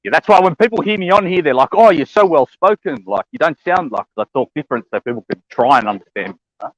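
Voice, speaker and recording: A man's voice: fairly high pitch, very animated, very fast, no echo, muffled recording. A tired man, chatting casually and laughing easily. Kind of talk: casual chat.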